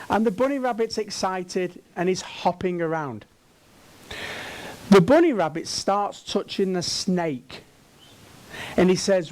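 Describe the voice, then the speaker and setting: A man's voice: high-pitched, expressive, takes it slowly, pauses often. A man with an English accent giving a conference talk on sales. He keeps asking the audience questions and drops in jokes. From England. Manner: jokey, asks the room questions. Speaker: keynote speaker and sales trainer.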